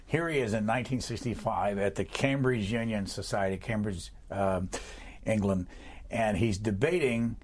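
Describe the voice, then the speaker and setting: A man hosting an interview, asking plain, unhurried questions. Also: fairly low pitch, a little hiss or hum. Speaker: interview host.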